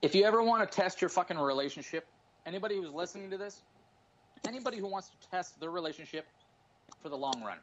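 A man in his forties rambles through profane, jokey stories in casual podcast chat. His voice sits a little high for a man. The recording is dull and lo-fi, like call audio. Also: lively intonation, quick pace, a little hiss or hum. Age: 40s. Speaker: stand-up comedian and guest.

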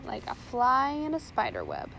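A nervous, bumbling pirate mate, as a woman reads him aloud, stammering and tripping over his words. The voice sits a little high and pushes louder as he hurries along. It is a storybook reading of an eager underling. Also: wildly swooping pitch, moderate pace, vocal fry, a little hiss or hum, heavily acted.

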